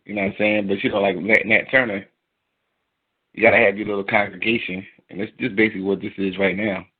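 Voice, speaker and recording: A man's voice: fairly low pitch, flat delivery, quick pace, slightly rough. A man calling in to a talk radio show, rambling with many fillers and asides. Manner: rambling, lots of fillers and "you know what I'm saying". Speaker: caller. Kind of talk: casual call-in talk. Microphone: phone call. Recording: tinny phone line.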